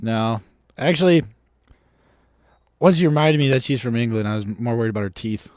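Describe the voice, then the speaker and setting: A male radio co-host trading crude jokes, delivering dry deadpan one-liners. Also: medium pitch, fairly quick, dry recording. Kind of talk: crude comedic morning-show banter.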